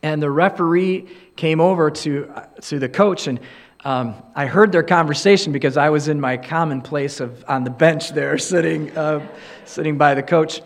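Middle-aged male preacher, earnest and conversational, slightly higher voice, tells stories in his sermon. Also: moderate pace, gravelly. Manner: conversational, earnest, acts out quoted dialogue. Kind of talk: sermon with storytelling.

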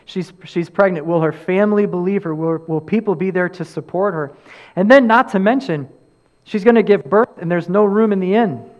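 A man's voice: sits high, moderate pace, muffled recording. A man preaching a sermon as pastor, earnest, repeating key phrases and rising and falling for emphasis.

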